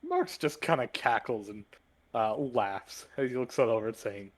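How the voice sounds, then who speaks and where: A man's voice: mid-range voice, lively intonation, normal speed. A man running a tabletop game as game master, narrating loosely with lots of fillers.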